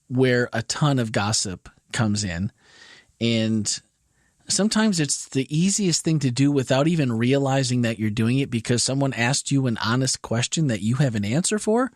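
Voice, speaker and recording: A man hosting a church podcast, talking through his thoughts at an easy, searching pace. His mid-pitched voice sits close and dry on the mic, and he often restarts a thought before landing it. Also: no room sound. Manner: thoughtful, rambling, with many restarts. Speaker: podcast host. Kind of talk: casual church podcast chat.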